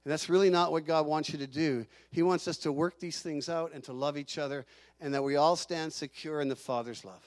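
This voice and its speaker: A middle-aged man preaching a sermon in an animated way, sometimes acting out the voices of the people he quotes. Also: on the high side, a little fast, no room sound. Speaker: pastor.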